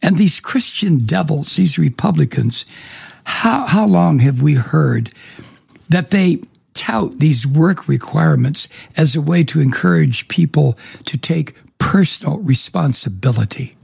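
A hoarse man with a raspy voice, hosting a talk show and delivering an indignant political commentary monologue. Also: fairly high pitch, animated, darkish tone, dry recording, clean studio sound. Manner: indignant, slow and emphatic. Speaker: radio talk show host.

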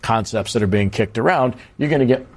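A man's voice: mid-range voice, fairly quick. Emphatic man panelist. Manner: emphatic, stammering restarts. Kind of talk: panel discussion.

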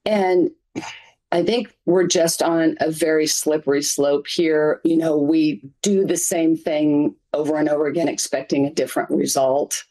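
Low-voiced, earnest woman advocate. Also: fairly even intonation, a little slow, dark tone, low-quality recording. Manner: earnest, emphatic, piles up lists. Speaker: interview guest, community advocate. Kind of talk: news interview answers.

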